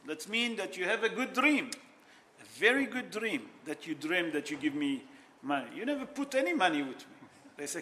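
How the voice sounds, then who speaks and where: A man teaching an informal class as a rabbi, telling a story in an animated way. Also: on the high side, fairly quick. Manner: animated, mixes Hebrew and Yiddish terms, non-native grammar.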